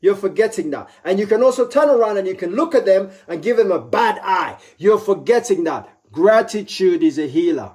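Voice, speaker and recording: Male motivational speaker, somewhat high voice, emphatic, repeats key lines. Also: animated, moderate pace, few pauses, darkish tone. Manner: acts out quoted voices with pitch jumps. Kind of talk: live motivational talk.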